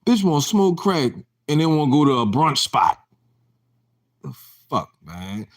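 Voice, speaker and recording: Guy ranting on his livestream, swearing nonstop, rambly gossip, voice kinda high and jumping all over. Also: big pitch swings, unhurried. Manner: profane, rambling storytelling with frequent restarts; mocking, laughing gossip. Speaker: livestream host. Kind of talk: casual livestream rant.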